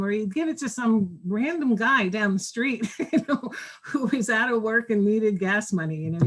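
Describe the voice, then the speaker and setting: A woman hosting an online memorial, sharing memories in a halting way with many pauses. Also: mid-range voice, poor audio. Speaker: memorial host. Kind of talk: casual remembrance. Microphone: video call.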